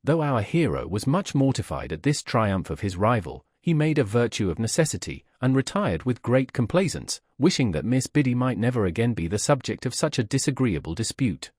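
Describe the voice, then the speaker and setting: A man's voice: medium pitch, brisk, few pauses, slightly rough, dry recording, studio quality. Man narrating a classic novel expressively. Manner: expressive, theatrical reading. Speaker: audiobook narrator.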